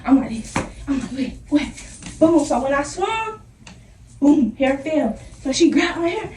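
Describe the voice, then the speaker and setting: A young woman in a casual storytime vlog, animated and slangy, acting out the scenes as she talks. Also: sits high, a little slow, a little hiss or hum. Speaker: vlogger. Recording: echoey room, voice from a distance.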